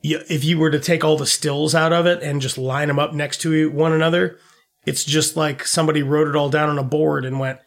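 A co-host and self-proclaimed dad gives a casual movie review, cursing, laughing frequently, and drifting through the plot. He talks briskly, his voice a little high and his tone steady.

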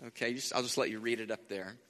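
A man preaching a sermon in a conversational way, repeating phrases for emphasis, with lively asides. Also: mid-range voice, fast talker. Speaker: pastor. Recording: long hall reverb.

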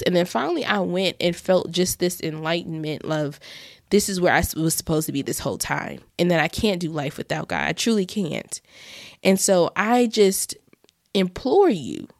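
A young woman talks straight to her listeners in an earnest, heartfelt podcast chat about faith. Her voice sits a little low for a woman, and she often restarts and trails into asides. The sound is dry and close to the mic, with no room around it. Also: dry recording. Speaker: podcast host. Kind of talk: casual faith talk to listeners.

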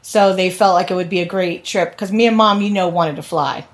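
A woman's voice: fairly low pitch, fairly quick. A young woman, a podcast guest, chatting casually and laughing often as she tells stories. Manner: laughing storyteller. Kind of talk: casual chat.

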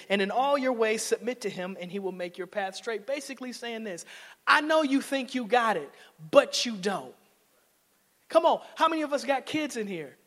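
A man preaching a sermon in a church, playful and conversational, rising to loud emphatic preaching. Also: very high voice, expressive, moderate pace, long reverb tail. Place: church sanctuary.

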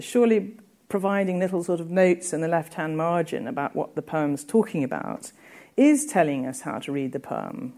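A woman lecturing on poetry in a low, mellow voice. She explains at a measured pace, with the odd hesitation, and reads verse aloud with care. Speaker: literature lecturer. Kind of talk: academic lecture.

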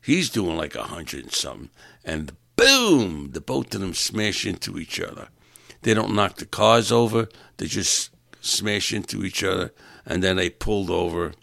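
A man's voice: low voice, big pitch swings, normal speed, creaky, sharp tone, dry recording, clean studio sound. A man in a rambling comic monologue, exasperated and ranting, stumbling over repeated words as he vents. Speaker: stand-up comedian.

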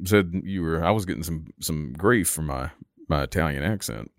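A man's voice: a bass voice, lively intonation, normal speed, no room sound. A man co-hosting a casual podcast, joking with his guests. His voice bounces up and down. It sounds dry and close, with no room sound. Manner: jokey, teasing, rambling with restarts. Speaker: podcast co-host.

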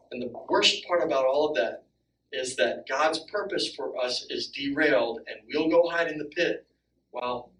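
A man in his thirties preaching a sermon as pastor, animated and acting out the quotes he reads. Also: a little hiss or hum. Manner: animated, acts out quotes with rising pitch. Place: church sanctuary. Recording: echoey hall, from a distance.

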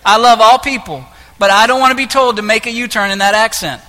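A man preaching a sermon as pastor, impassioned, moving between hushed lines and loud ones. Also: sits high, fairly even intonation, quick pace. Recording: echoey hall with long reverb.

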